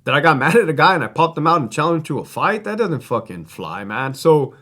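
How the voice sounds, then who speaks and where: A man's voice: on the high side, big pitch swings, brisk, fairly bright tone. A man who once worked as a prison guard, telling a story in a blunt, casual way, full of swearing and fillers like "like" and "right?". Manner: blunt, profane, conversational with many fillers.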